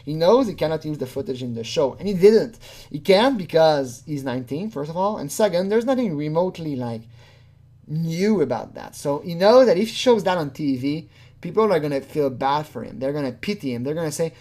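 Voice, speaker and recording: A host talking casually into a home desk mic, reacting to a clip with scorn and swearing. The voice sits at a middle pitch and keeps jumping up into a high, whiny voice for mocking impressions. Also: animated, fairly quick, mellow. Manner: mocking, profane, mimics others in a high whiny voice. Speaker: commentary channel host.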